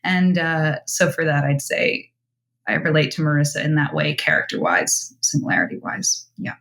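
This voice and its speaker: A young woman talks as a podcast guest, rambling quickly and laughing between thoughts. Her voice sits low, and the room adds a noticeable echo. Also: fairly even intonation, vocal fry, fairly bright tone. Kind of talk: casual chat.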